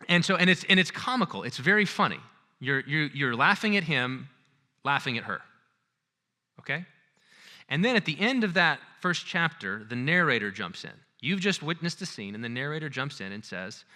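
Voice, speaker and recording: A male lecturer giving a conference talk in an animated, conversational way, acting out scenes as he goes. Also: a little high, a little fast.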